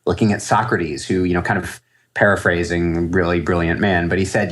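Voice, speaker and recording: A man in his thirties with a low, deep voice talks casually as a podcast guest. He rambles and corrects himself as he thinks out loud. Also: fairly even intonation, a little fast. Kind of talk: casual interview talk.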